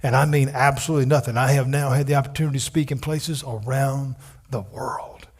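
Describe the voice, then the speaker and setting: A man's voice: mid-range voice, fairly even intonation, fairly quick, husky. Earnest pastor in his fifties. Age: 50s. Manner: earnest, swings from loud emphasis to soft whispers. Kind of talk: sermon.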